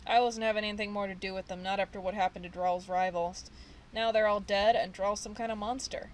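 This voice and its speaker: Brief: woman reads nervous young male gang dropout, slangy, mid-pitched. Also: steady tone, brisk, slight background noise, lightly acted, low-quality recording. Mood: scared. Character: frightened young male ex-gang member, street-talking. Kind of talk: reading game dialogue aloud.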